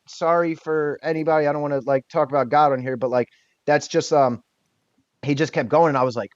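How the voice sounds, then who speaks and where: A man's voice: on the high side, steady tone, fairly quick, dry recording, muffled recording. Candid man telling his recovery story. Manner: candid, swears casually, restarts often. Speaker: podcast guest. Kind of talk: emotional personal storytelling.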